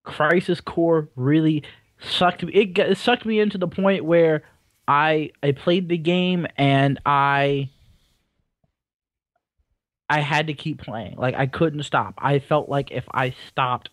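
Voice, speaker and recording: A man's voice: a little high, slow pace, no room sound. A young adult man co-hosting a casual gaming podcast, jokey and enthusiastic, stretching words for emphasis. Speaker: podcast co-host.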